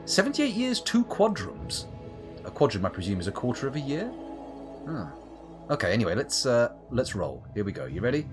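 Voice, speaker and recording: A man's voice: mid-range voice, huge pitch swings, normal speed, music in the background. A man giving playful, jokey live gameplay commentary as a streamer, with muttered asides. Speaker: game streamer.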